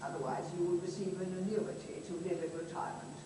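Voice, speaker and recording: An actress playing a stern, haughty aristocratic aunt on a theatre stage. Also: female voice, lowish voice, fairly even intonation, fast, close to an everyday voice. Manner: haughty, clipped. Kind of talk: live stage musical dialogue. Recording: echoey theatre from far off, noisy.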